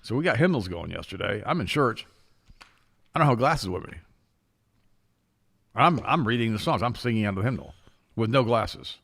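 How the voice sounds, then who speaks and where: A man's voice: fairly low pitch, animated, normal speed, gravelly, pauses often, a bit bright. An older man co-hosting a casual talk show, rambling through stories and repeating his words. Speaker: co-host.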